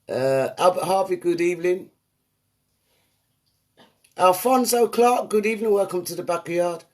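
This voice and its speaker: A man hosts a live online show in a high, bright voice. He is playful and upbeat, greeting viewers from the chat by name one after another. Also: normal speed, long pauses. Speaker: host.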